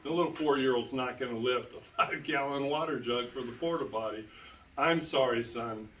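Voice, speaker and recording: A man lectures to a room full of listeners and drives his points home by repeating key phrases. His voice sits at an ordinary middle pitch. He is picked up from well back in a reverberant room. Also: a little fast, a bit bright, dull audio, a little hiss or hum. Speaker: lecturer presenting to an audience. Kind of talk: public lecture with storytelling. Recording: roomy sound, distant from the mic.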